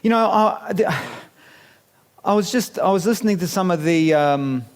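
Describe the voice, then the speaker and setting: A man's voice: sits high, lively intonation, moderate pace, clear, resonant tone. A man, giving a chatty, playful seminar talk to a live audience in a conference room and asking them questions. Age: 50s. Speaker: business speaker.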